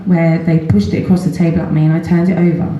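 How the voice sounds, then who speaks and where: A woman's voice: deep voice, level tone, quick pace, dark tone, muffled recording. A middle-aged woman giving a personal talk at a seminar, earnest and candid, with frequent ums. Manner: earnest and candid, with nervous laughs and many ums. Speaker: seminar speaker, mother of patient. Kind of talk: personal story told in a public talk. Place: large event hall at a festival seminar. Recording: echoey hall.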